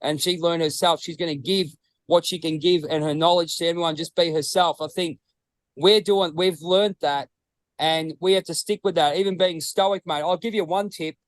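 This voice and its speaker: A man's voice: on the high side, fairly even intonation, moderate pace, dry recording, rough recording. Rambling, sweary Australian man. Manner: rambling, swearing, restarts often. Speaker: podcast co-host. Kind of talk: casual chat.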